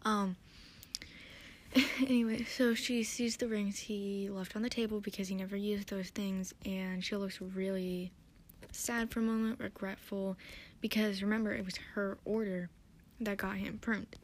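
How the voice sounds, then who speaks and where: A woman's voice: medium pitch, flat delivery, unhurried. A tired woman hosting a podcast, recapping an episode in a rambling, hesitant, self-deprecating way. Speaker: podcast host.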